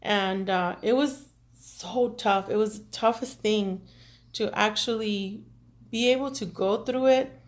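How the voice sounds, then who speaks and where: Woman, tearful, earnest, halting, personal monologue, mid-pitched voice. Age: adult with children. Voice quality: earnest, halting, with many restarts and fillers. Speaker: tarot reader and self-care vlogger. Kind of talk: emotional personal monologue to viewers.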